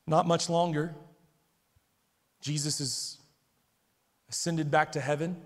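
Preaching slowly in a high voice with little pitch movement, this man tells dramatic stories during his sermon and often poses questions to the congregation. A long echo from the hall surrounds him.

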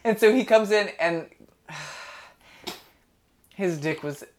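In a high voice and at an extremely slow pace, a young man tells a story in casual chat, animatedly acting out quotes and leaning heavily on the filler "like."

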